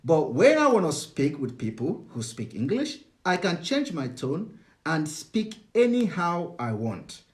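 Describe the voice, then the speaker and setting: A man's voice: fairly high pitch, big pitch swings. Hesitant Nigerian man lecturing live. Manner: halting, many "uh" fillers and restarts, lecturing. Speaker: host of a live online broadcast. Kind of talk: unscripted live broadcast monologue.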